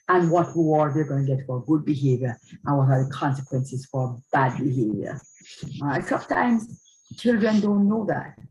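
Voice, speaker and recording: A woman's voice: low voice, darkish tone, a little hiss or hum, poor audio. Woman, church parenting talk, earnest, checks in with listeners. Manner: earnest, checks in with "all right?". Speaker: speaker on parenting.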